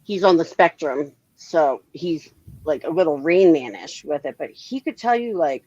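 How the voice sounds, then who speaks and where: A woman from the Philadelphia area, chatting in an animated way among friends. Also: sits low, moderate pace, no echo, lo-fi sound. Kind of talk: casual chat.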